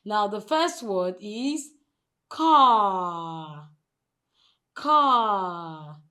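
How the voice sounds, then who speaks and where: A woman with a Nigerian English accent teaching a phonics lesson, drilling sounds slowly and asking the class to repeat after her. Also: mid-range voice. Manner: slow, deliberate drilling, stretching model sounds loudly.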